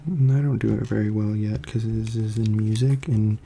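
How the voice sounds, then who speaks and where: Dark, gravelly young man in soft-spoken ASMR. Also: lowish voice, steady tone, brisk, slight background noise. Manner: meandering, with many fillers. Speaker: ASMR creator.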